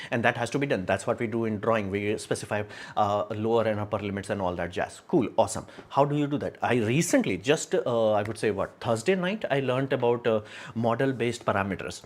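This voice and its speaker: A man's voice: mid-range voice, quick pace. A man hosting a casual livestream, talking frankly and rambling, with many fillers and frequent laughs. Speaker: livestream host.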